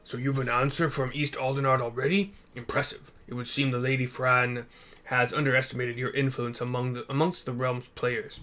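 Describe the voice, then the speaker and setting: A man's voice: mid-range voice, level tone, normal speed, sharp tone, close to an everyday voice. A man reading as a dry, composed male ally.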